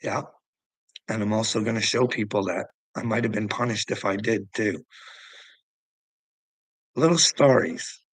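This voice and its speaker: A man's voice: lowish voice, measured pace, pauses often, no echo, rough recording. A middle-aged man delivering an agitated, profane vlog rant. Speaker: vlogger. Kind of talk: ranting vlog monologue.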